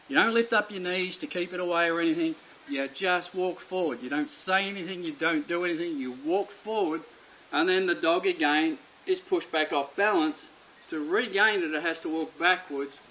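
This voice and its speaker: A man's voice: a little high, bright, forceful tone, slight background noise, poor audio. A man teaching dog training, speaking bluntly and emphatically and repeating his key points. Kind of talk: instructional explanation to camera.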